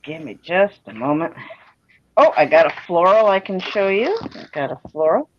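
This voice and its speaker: A woman's voice: fairly low pitch, animated, moderate pace, a little hiss or hum. A woman artist chatting casually on a livestream, folksy and self-deprecating. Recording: dry, dull lo-fi stream audio.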